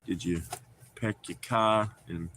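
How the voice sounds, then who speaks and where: A man's voice: sits low, fairly even intonation, slow, a bit bright, a little hiss or hum. A man with a North Carolina accent hosting a casual livestream from home, rambling and joking with plenty of swearing. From not from North Carolina. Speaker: livestream host. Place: home with dogs.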